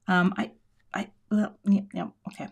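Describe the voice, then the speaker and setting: A woman's voice: mid-range voice, little pitch movement, moderate pace, vocal fry, breathy edge, dull audio. A middle-aged woman hosting a live crafting stream, chatting casually to viewers and thinking aloud as she works. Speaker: crafting livestream host. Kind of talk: casual live demo chat.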